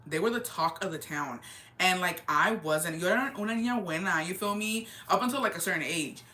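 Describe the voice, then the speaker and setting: A woman in her twenties chatting casually on a livestream, slangy and animated, dropping Spanish words into her storytelling. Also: on the low side, fairly quick. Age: 20s. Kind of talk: casual chat.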